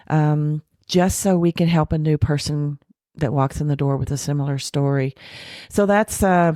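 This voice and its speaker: Speaking candidly about her recovery as a podcast guest, this deep-voiced woman animates the people she quotes and lets out self-deprecating laughs. Her delivery slows and softens whenever she lands a point, and the recording is dry and close-miked.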